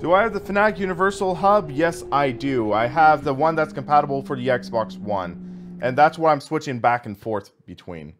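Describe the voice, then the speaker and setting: A man's voice: a little high, normal speed, slight background noise. A man streaming a racing sim, thinking aloud as he reads out menu items and chats with viewers. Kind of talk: casual live-stream commentary.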